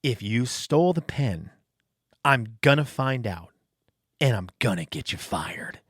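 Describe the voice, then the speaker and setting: A man imitating an intimidating older male co-worker, speaking slowly and threateningly. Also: lively intonation, a bit bright, slightly rough, no echo, clean studio sound. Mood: menacing. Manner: slow, low, threatening.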